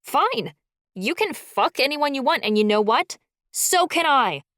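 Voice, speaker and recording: A woman's voice: mid-range voice, very animated, normal speed, no echo, lightly acted. A woman acting out a hurt, snide young woman who keeps throwing accusations. The sound is dry and close. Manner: snide, accusing, shouting back.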